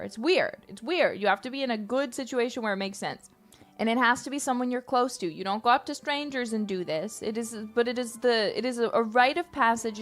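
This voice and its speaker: A young woman streaming, chatting casually in a playful, rambling way with theatrical bursts. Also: medium pitch. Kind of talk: casual live-stream chat.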